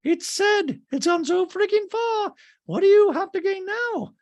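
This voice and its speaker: A man imitating a fussy, prim woman in a very high, piping voice that he plays as robot-like. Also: expressive, unhurried, exaggerated voice. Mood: fretful.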